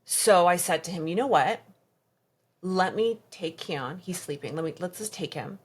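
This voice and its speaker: A woman as a podcast guest recounting a personal story in conversation, halting and reenacting past dialogue. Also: fairly low pitch, husky.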